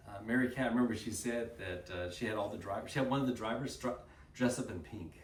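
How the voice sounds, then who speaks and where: A man from Texas in his fifties with an easy Texan drawl tells stories in an animated, folksy way. He speaks from some distance to the mic in a roomy, echoing space. A faint hiss sits behind him. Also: on the low side, quick pace. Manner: animated, folksy, sprinkles y'all. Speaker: guest speaker. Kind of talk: casual storytelling talk.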